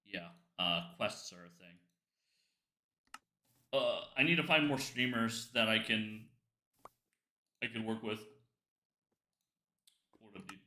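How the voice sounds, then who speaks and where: A man streaming casually while he tests his own app, halting and distracted, full of fillers as he talks to himself. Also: lowish voice, expressive, sharp tone, echoey room. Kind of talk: casual live-stream chat while working.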